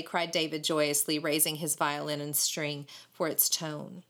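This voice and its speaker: A woman reading a storybook aloud in an expressive, animated way. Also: sits low, unhurried. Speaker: audiobook reader. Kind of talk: storybook narration.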